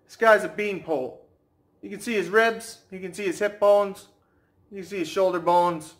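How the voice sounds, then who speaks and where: A man ranting to camera as a fitness vlogger, brash and mocking, slowing right down to stress his points. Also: high-pitched, fairly even intonation, a bit bright. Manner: brash, mocking, slows down for emphasis.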